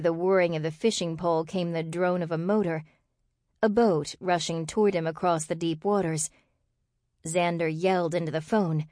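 A woman reading an audiobook as its narrator, telling the story in a steady, measured way. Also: lowish voice, dry recording, clean studio sound. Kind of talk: scripted narration.

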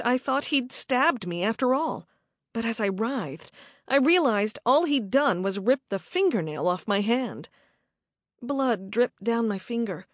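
Woman narrator, slow, lively pitch, dramatic suspense reading. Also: no echo, clean studio sound. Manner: measured, dramatic storytelling. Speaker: audiobook narrator. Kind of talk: scripted first-person narration.

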